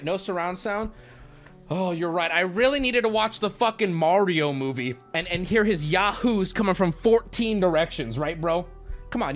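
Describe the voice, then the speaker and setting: A male streamer spins a rambling, profane story with plenty of restarts. His voice sits high and swings widely in pitch. Faint music plays under his talk. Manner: animated, swearing, rambling with restarts. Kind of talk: casual livestream storytelling.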